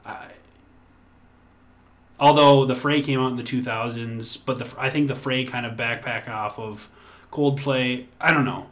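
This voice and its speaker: A man's voice: medium pitch, steady tone, measured pace, fairly bright tone. Rambling, swearing male podcast co-host. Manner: rambling, swears freely, many restarts. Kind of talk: casual podcast chat.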